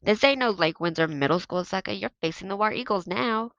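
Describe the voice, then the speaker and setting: A woman's voice: medium pitch, fairly quick, a bit bright, dry recording, lo-fi sound, lightly acted. A woman reading aloud and voicing a cocky, mocking teenage boy who leads the soccer team. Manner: taunting, swaggering.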